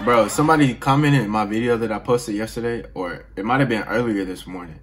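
A man's voice: lowish voice, quick pace, slight background noise. A man hosting a reaction video, talking in a laid-back, chatty way with frequent laughs and yawns. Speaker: reaction channel host. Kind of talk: casual reaction commentary. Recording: clear music behind the voice. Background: music playing from the reacted video.

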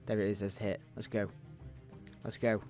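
A man's voice: lowish voice, level tone, moderate pace, a little mellow, faint music behind. A man co-hosting a gaming video, cocky and hyped, swearing as he commentates. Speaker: gaming co-host. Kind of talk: live gameplay commentary.

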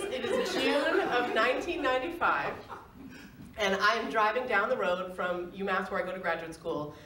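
A middle-aged woman telling a personal story on a stage, animated and laughing often as she acts out quoted voices. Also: medium pitch, a little hiss or hum. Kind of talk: live storytelling. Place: stage in an arts center. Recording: roomy, distant live stage recording.

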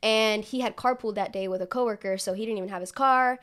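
A woman co-hosting a podcast, telling a story in relaxed casual chat, filling her speech with "like" and quoting herself. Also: mid-range voice, fast, clean tone. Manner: relaxed storytelling, filler-heavy, quotes herself. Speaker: podcast co-host.

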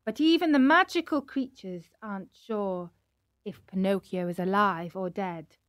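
Slow, careful woman storyteller. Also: mid-range voice, no room sound, clean studio sound. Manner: careful, clear narration. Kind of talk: slow storybook reading for learners.

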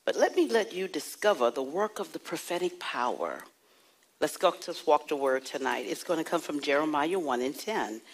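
Husky-voiced woman preaching a sermon. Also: low voice, lively intonation, poor audio. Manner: call-and-response preaching, dramatic slowed emphasis, acts out anecdotes. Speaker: prophetess preaching.

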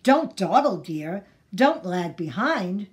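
A woman's voice: medium pitch, big pitch swings, slow. Woman doing a fussy father duck. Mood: urging. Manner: coaxing, impatient.

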